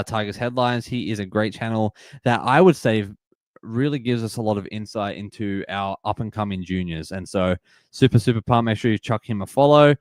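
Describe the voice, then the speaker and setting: A man in his twenties with an Australian accent, hosting a live sports watch-party stream and chatting excitedly while reading out and greeting viewers from the chat. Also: medium pitch, no echo. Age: 20s. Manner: upbeat, reads and greets chat viewers, repeats phrases. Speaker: livestream host.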